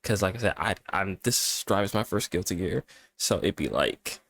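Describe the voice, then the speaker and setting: Young male reaction host, lower voice, rambling laid-back commentary, worn out. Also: animated, normal speed, vocal fry, fairly bright tone, no room sound. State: tired. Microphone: webcam setup at home.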